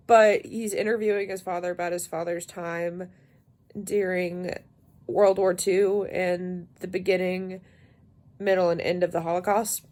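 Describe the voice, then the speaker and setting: A young woman talking casually in a late-night book vlog, tired and yawning, with a sleepy, low-energy delivery. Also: flat delivery, slow pace, a little mellow. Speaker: book vlogger.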